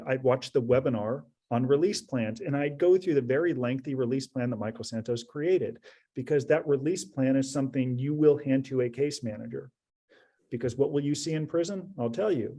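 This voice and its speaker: A man's voice: medium pitch, normal speed, mellow. A man advising an audience in a webinar talk, direct and emphatic, often repeating his key phrases. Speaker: prison preparation advisor.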